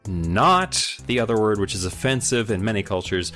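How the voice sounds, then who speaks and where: A man with a fairly low voice co-hosts a comedy podcast. His delivery is animated and full of pitch movement, and he stumbles over his words as he gets going. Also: moderate pace, faint music behind. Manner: joking, animated, stammers when starting. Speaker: podcast co-host. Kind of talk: casual comedic chat.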